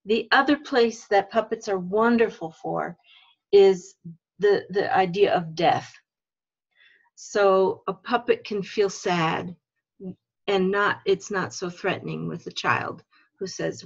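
A woman leading a religious education workshop, explaining ideas slowly and thoughtfully, step by step. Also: medium pitch, vocal fry, husky, highs cut off. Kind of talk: workshop talk for teachers.

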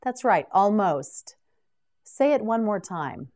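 A woman teaching English vocabulary in a scripted drill, pronouncing each word clearly and deliberately. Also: mid-range voice, animated, a little mellow.

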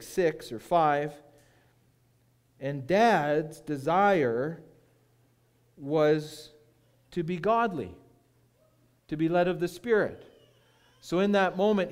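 A man preaching as a guest speaker, telling a personal story with dramatic pauses and hushed moments. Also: a little high, smooth.

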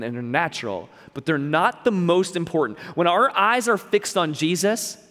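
Male pastor, slightly high voice, earnest and emphatic, sermon in a hall with a long echo. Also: a bit bright. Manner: earnest, emphatic, repeats key lines, playful asides.

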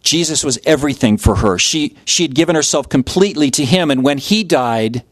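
A pastor with a fairly high male voice preaches through a passage, painting scenes vividly and slipping into the voices of its characters. The sound is dry and close, with little room echo. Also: expressive, brisk. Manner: vivid storytelling, acts out voices. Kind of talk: expository sermon.

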